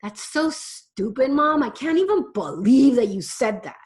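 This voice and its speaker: A woman putting on the voice of a mouthy teenager who talks back to a parent, raising her pitch and volume. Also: sing-song, a little slow. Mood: scornful.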